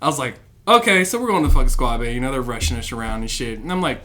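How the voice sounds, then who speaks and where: A man in casual chat telling a story, profane and animated, acting out the voices of the people in it. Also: mid-range voice, fast talker. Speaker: podcast guest, former Marine recruit.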